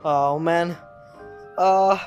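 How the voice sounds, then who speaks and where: A young man filming a reaction vlog, excitable and jumpy, with frequent shrieks and nervous laughter into a desk mic. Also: a little high, drawn-out words, muffled recording, over loud music. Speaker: reaction video creator. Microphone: desk mic with headphones.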